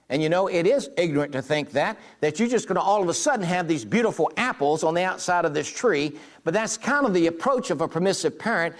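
Folksy pastor preaching. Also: male voice, on the high side, animated, fast talker, hardly any pauses. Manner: folksy storytelling, acts out quoted dialogue. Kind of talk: sermon.

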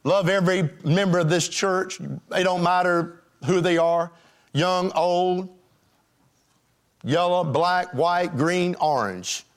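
A man's voice: high-pitched, takes it slowly. A man preaching a sermon as pastor, calling out questions to his congregation. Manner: emphatic preaching, calls out to the congregation.

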